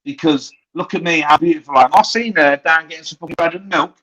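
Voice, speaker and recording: A man's voice: on the high side, fast, pushed and bright. A man co-hosting a casual podcast, ranting and mocking with plenty of swearing. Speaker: co-host. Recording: dull lo-fi sound.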